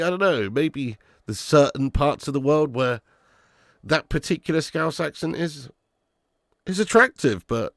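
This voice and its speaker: A man hosting a live football watch-along, calling the play and reading chat, excitable and swearing freely. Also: fairly high pitch, no room sound, studio quality. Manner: excitable, swears, jumps from play calls to chat shout-outs. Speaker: fan channel host.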